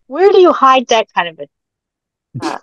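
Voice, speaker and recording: A woman's voice: high-pitched, wildly swooping pitch, unhurried, fairly bright tone. A woman co-hosts a casual podcast with a dry, matter-of-fact delivery. Her voice comes through a slightly dull, muffled line with no room echo. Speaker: podcast co-host. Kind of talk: casual chat.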